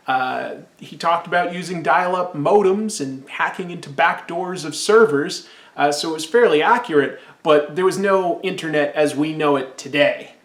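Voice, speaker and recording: A man's voice: fairly high pitch, fairly bright tone. Rambling man reviewing comics, echoey room. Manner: rambling, enthusiastic. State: sipping absinthe. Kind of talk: casual video review.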